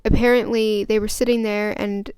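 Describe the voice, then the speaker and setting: A woman's voice: mid-range voice, flat delivery, moderate pace, a little mellow, clear, resonant tone, no room sound. A young woman vlogger telling a story and ranting in a chatty, rambling way with lots of fillers. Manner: grows agitated and emphatic. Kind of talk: casual storytime rant.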